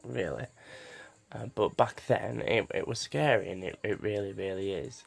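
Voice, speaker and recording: Young man for a to-camera vlog: gravelly, slightly low, halting and full of restarts. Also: steady tone. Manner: halting, many restarts and fillers. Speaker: vlogger. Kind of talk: personal storytelling to camera.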